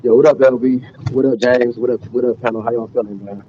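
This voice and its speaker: A man's voice: medium pitch, fairly even intonation, fast talker, warm tone. A man on a sports panel, speaking in an earnest, lecturing way. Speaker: panel guest. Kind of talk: casual sports talk. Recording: dull lo-fi call audio with faint noise.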